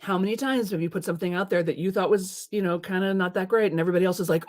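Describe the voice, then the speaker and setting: A woman host giving casual motivational advice in a chatty, lively way, full of filler words and small laughs. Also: lowish voice, very fast, few pauses.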